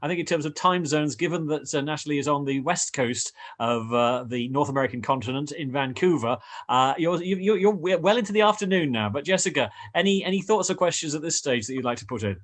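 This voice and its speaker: A man hosting a radio interview, asking long halting questions. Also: fairly high pitch, a bit bright. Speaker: radio host.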